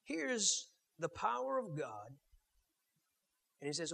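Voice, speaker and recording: A man pastor preaching a sermon, swinging from loud to murmured and mimicking churchgoers in quick mock voices. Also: high voice, sing-song, vocal fry, slightly rough. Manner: preaching with sharp swings in loudness, dropping to near murmurs. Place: church sanctuary. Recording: long reverb of a church hall.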